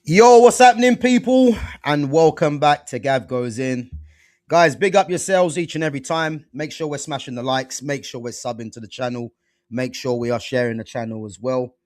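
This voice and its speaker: A young man hosts a casual football chat podcast, talking in a laid-back, slangy way peppered with "man" and "bro." His medium-pitched voice keeps a fairly even intonation at a moderate pace, in clean studio quality with no echo.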